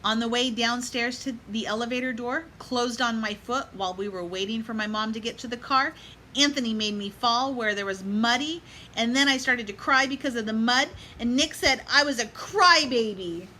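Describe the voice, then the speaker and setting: A woman reading a children's picture book aloud, stopping to give gentle life lessons to children and moms and inviting listeners to chant along. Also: a little high, moderate pace, slight background noise, poor audio. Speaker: storybook reader.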